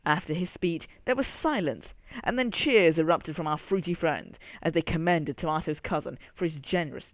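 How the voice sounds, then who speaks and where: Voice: medium pitch, moderate pace, few pauses, no echo. A storyteller reading a children's story aloud, speaking straight to young listeners. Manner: addresses young listener, expressive.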